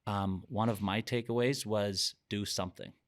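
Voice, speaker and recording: Middle-aged male podcast guest, low voice, earnest reflective storytelling. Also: steady tone, normal speed. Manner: earnest, reflective, sometimes emotional. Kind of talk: heartfelt personal storytelling.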